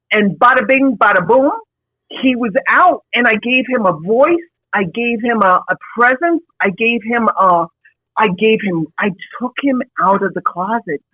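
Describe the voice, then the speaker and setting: A woman's voice: medium pitch, bright, forceful tone, dry recording, dull audio. A woman coach telling a personal story in a candid, confessional way, rambling with asides. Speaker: passion coach.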